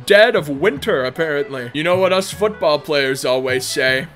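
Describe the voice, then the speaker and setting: A man doing comedic let's-play commentary, mock-enthusiastic, telling absurd jokes in a deadpan way and swinging between shouting and mumbling. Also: fairly high pitch, moderate pace, soft background music. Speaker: gaming YouTuber.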